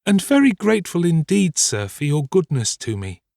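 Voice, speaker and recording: A man's voice: a little high, big pitch swings, normal speed, creaky, a little mellow, dry recording, studio quality, pitched above the performer's own voice. Man doing a timid, frail orphan boy. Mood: grateful.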